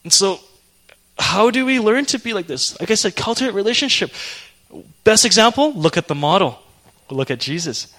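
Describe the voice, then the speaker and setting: A young man preaching a sermon, telling an emotional personal story in an animated way. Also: high-pitched, normal speed.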